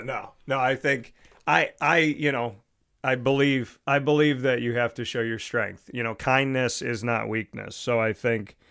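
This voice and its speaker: Smooth-voiced man hosting a sports chat. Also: mid-range voice, fairly bright tone. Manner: conversational, repeats words when starting thoughts. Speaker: podcast host. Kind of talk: casual sports talk.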